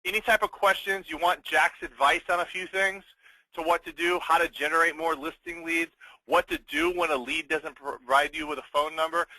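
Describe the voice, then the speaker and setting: A man hosting a sales webinar, pitching with upbeat rhetorical questions and frequent "okay?" check-ins. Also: fairly even intonation, moderate pace, pushed and bright, no room sound, low-quality recording. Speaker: webinar host.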